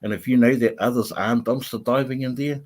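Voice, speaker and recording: A chatty man hosts a livestream, reading viewer comments aloud and answering them. He rambles loosely with lots of fillers and breaks into laughter often. His voice sits at a middle pitch. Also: fairly even intonation, brisk, a little mellow. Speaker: vlogger host.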